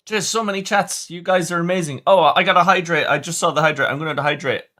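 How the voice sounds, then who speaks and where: A man's voice: fairly high pitch, steady tone, fast talker, bright, forceful tone. A man hosting a livestream, chatting casually and rambling as he reads viewer comments. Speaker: livestream host.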